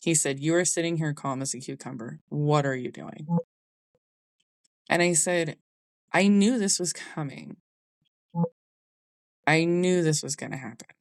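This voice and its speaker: A woman's voice: deep voice, normal speed, dry recording. A young adult woman hosting a podcast, telling a personal story in a candid, conversational way. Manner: candid, conversational, Southern 'y'all'. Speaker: podcast host.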